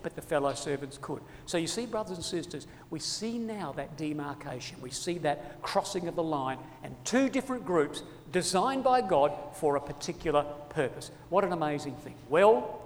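A man preaching a sermon with passion, his delivery sweeping from loud appeals to hushed, quiet lines. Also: fairly high pitch, expressive, moderate pace, slight background noise. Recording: long hall reverb.

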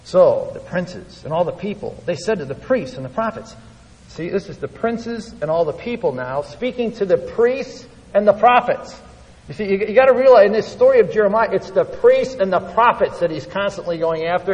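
A man preaching a Bible class sermon, animatedly acting out scripture dialogue and sometimes rising to a shout. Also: sits high, animated, normal speed. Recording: dull recording in a reverberant hall.

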